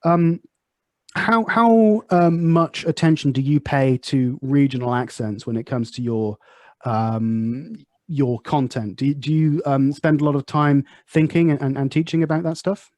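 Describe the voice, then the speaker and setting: A man's voice: mid-range voice, a little slow, a little mellow, no echo. English man, podcast host, chatty, thinks aloud, dry close sound. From England. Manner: chatty, thinks aloud, explains through examples. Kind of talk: casual conversation.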